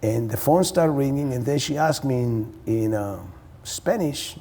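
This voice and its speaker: A man recounts his story slowly and haltingly, searching for his words. His voice is husky, and the sound rings with the long echo of a hall. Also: medium pitch, dark tone. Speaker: interviewee sharing testimony. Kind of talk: personal storytelling.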